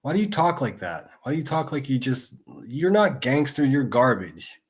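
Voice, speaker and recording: A man's voice: mid-range voice, very animated, moderate pace. A man doing angry reaction commentary as a streamer, crude and mocking, swearing constantly.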